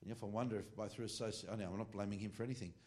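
His voice sits on the low side with a darkish, steady tone, and he speaks rapid-fire. A middle-aged Australian man, he's delivering a rambling, joking informal sermon to a ministry class, with plenty of asides and corrections of himself along the way.

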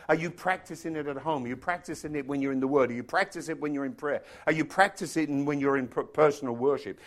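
A middle-aged man from England with an English accent, preaching a chatty, joking sermon to his congregation. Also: a little high. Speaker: pastor. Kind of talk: casual sermon.

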